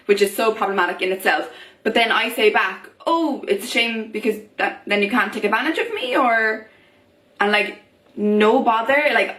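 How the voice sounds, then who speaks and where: A woman's voice: fairly high pitch, fairly bright tone. A young woman vlogging in a chatty way, full of fillers, acting out the voices of people she quotes. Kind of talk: casual talk to camera. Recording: echoey room.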